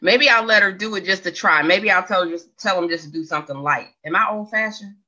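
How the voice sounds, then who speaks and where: Chatty woman with a bright voice. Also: on the low side, fairly quick. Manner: chatty, rambling, self-questioning, laughs often. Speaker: livestream host reading chat. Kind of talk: casual livestream chat. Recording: dull lo-fi sound.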